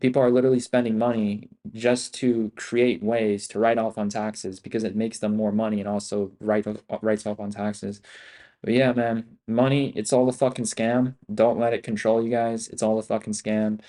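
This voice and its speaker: A man's voice: lowish voice, little pitch movement, moderate pace, warm tone. A man hosting a livestream as an options trader, talking in a hyped, profane, slangy way and repeating himself a lot. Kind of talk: casual livestream talk.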